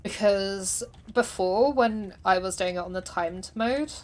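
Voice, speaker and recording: A woman's voice: medium pitch, a little slow, a little hiss or hum. A woman streamer chatting casually while she plays, chatty and self-deprecating, laughing often. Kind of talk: casual livestream chat while gaming.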